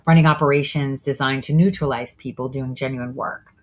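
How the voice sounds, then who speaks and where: A woman's voice: rumbling low, steady tone, fairly quick. A woman hosting a show, delivering a preachy, profane monologue full of rhetorical asides. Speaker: show host. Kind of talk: monologue commentary.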